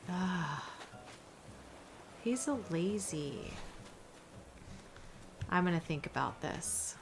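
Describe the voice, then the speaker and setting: A woman talks through her game at an unhurried, easygoing pace, her voice sitting a little low. She is chatty and relaxed, with frequent soft asides. Light music plays faintly behind her. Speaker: gaming video host. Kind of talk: casual game commentary.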